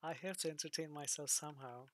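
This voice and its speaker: A man's voice: fairly high pitch, steady tone, quick pace, fairly bright tone. A man streaming an old computer role-playing game, reading the text aloud and making wry comments to himself.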